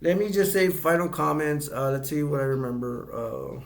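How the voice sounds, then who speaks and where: Middle-aged guy with a gravelly voice, rambling movie review, keeps stopping and restarting. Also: on the high side, animated. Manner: rambling and halting, full of restarts and fillers.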